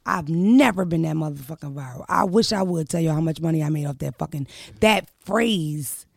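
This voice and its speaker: Brash cursing woman on a podcast, gravelly voice, dry close sound. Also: sits low, normal speed, no room sound. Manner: brash, profane, emphatic storytelling. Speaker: podcast host. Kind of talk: casual storytelling chat.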